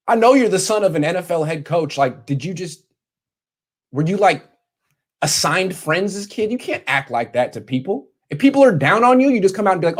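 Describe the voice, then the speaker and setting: A man's voice: sits high, big pitch swings, a little fast. Sarcastic man ranting in his bedroom. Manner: sarcastic, mocking, scolding. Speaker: sports commentator. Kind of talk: sarcastic vlog rant.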